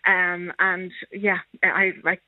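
A middle-aged Irish woman, a guest on a radio show, talking warmly and at length with rising emotion. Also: fairly low pitch, flat delivery, takes it slowly. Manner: warm, rambling, emotional. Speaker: guest, mother of an actor. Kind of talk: phone interview. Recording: tinny phone line.

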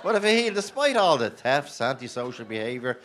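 Lively host, quick to interrupt. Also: male voice, medium pitch. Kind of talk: radio comedy show.

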